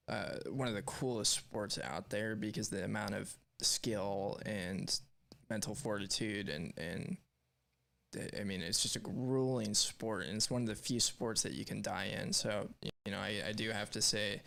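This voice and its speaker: A man's voice: on the low side, gravelly, fairly bright tone. A man co-hosting a live stream show, chatting casually and reading out messages from the chat in a rambling, candid way.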